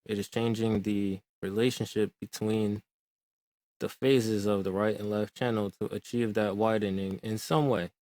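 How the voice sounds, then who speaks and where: A man explaining music production in a calm, measured tutorial voice. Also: lowish voice, dry recording. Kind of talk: screen-recorded tutorial.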